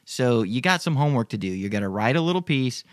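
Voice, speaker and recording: A man's voice: mid-range voice, expressive, fast talker, no echo, clean studio sound. A man hosting a podcast, answering listener emails in a rambling, profane, joking way. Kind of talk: casual Q&A chat.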